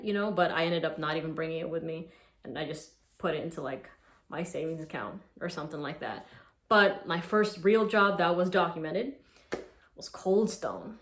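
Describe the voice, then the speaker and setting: A woman in her twenties telling stories in a casual vlog, chatty and animated, with lots of "like.". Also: on the low side, roomy sound. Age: 20s. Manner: chatty, animated retelling with filler "like". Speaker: social media creator.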